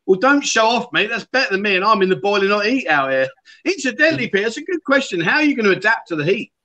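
A man hosts a casual livestream chat show. He tells stories and reads out viewer comments in a bright, forceful voice that sits a little high for a man. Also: very animated, quick pace, highs cut off.

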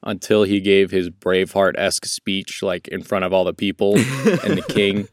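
A man's voice: low-pitched, moderate pace, dry recording. A man co-hosting a casual movie podcast, joking and teasing and swearing freely. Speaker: podcast co-host. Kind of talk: casual movie review chat.

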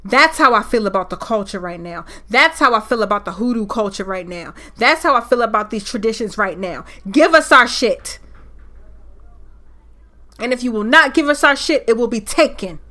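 Speaking fairly quickly and almost without pauses, a woman on the high side of the range sounds expressive. She's alone on her podcast, delivering a fiery, preachy rant whose anger keeps rising, occasionally getting loud.

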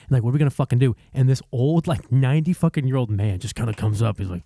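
A man's voice: medium pitch, fast, creaky, no room sound, studio quality. A young man telling a story on a podcast, swearing a lot and laughing between lines. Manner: laughing, profane, animated storytelling. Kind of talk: casual storytelling chat.

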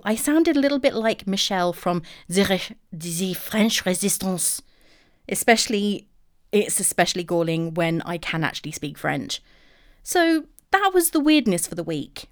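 A woman's voice: mid-range voice, clean tone, no echo, clean studio sound. A woman telling a story in a chatty, self-deprecating way, full of asides, as host of her own show. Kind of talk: casual solo storytelling.

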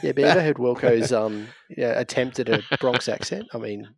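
Male podcast co-host, gravelly voice, dry close mic, relaxed and joking. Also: medium pitch, a little fast, dry recording. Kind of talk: casual gaming podcast chat.

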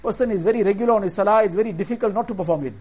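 Earnest male preacher, measured delivery. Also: high voice, a little mellow, breathy edge. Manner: earnest, measured storytelling with Arabic religious terms. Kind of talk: sermon.

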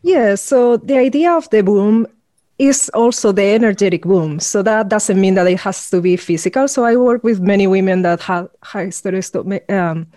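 Woman, talk show guest, mid-pitched voice, dry sound, relaxed. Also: moderate pace, dry recording. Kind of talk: casual interview chat.

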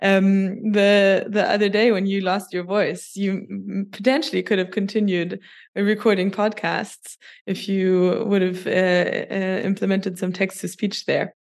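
Woman with a gravelly, flat voice. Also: mid-range voice. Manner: explanatory, measured, with frequent restarts. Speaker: guest, company chief of staff. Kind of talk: podcast interview.

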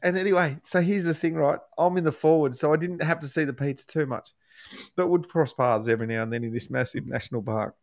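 A man's voice: a little high, fast talker, gravelly, a little mellow, no room sound. Middle-aged Australian male host, storyteller, laughs often; dry recording. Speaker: podcast host, former footballer. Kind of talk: casual interview chat.

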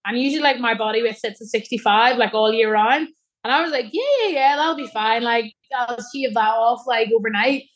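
Young female guest, loose and giggly, talks in rambling bursts, voice sitting a bit high. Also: fairly quick. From Ireland. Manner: laughing, rambling with many fillers. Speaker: guest athlete. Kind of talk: casual chat.

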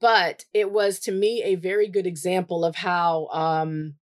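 A woman therapist telling a story from her work in a casual, animated way, leaping up in pitch when she quotes herself. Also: unhurried. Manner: chatty, animated, jumps high when quoting herself. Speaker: therapist for autistic children.

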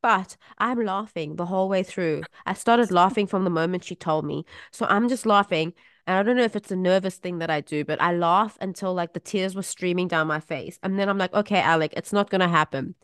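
A woman co-hosting a casual chat and telling an animated family anecdote with frequent laughter. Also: lowish voice, fairly quick, clean tone, no echo, studio quality. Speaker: podcast co-host.

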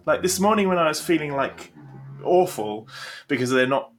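A young man, a podcast co-host and game master, chatting casually with animated, self-deprecating storytelling. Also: a little high, quick pace, soft background music.

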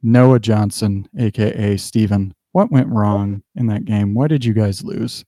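A man narrating as game master in a relaxed, halting way with fillers. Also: fairly low pitch, no echo.

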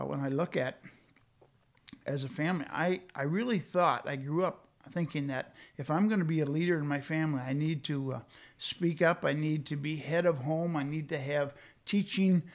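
Older man, gravelly, a bit higher pitched, measured, lots of uhs. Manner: reflective, measured, with many fillers and restarts. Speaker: guest speaking on leadership. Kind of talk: conversational podcast discussion.

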